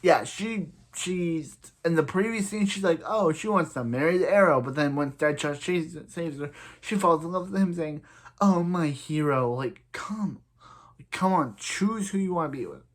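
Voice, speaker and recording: A man's voice: a little high, lively intonation, normal speed. A young man casually reviewing a TV episode, rambling with lots of filler words and sounding exasperated at the characters.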